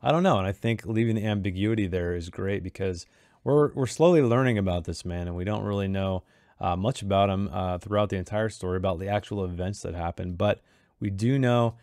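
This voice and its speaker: A man's voice: deep voice, brisk, darkish tone, no room sound, clean studio sound. A man talking casually about a short story he wrote, thinking aloud with many restarts. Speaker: author discussing his own short story. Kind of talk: casual commentary on his writing.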